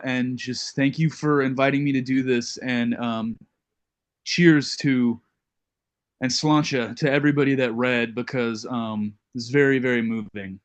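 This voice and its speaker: A man, a guest poet, offering heartfelt thanks in an earnest, halting way on a video call. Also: mid-range voice.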